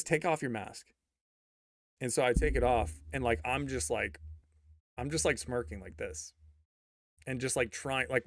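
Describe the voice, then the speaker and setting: A man casually telling a story, slangy and full of fillers, getting loud and high with disbelief. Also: no room sound, studio quality. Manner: animated, rising to high-pitched disbelief, laughs while telling; slangy, many fillers and repeats.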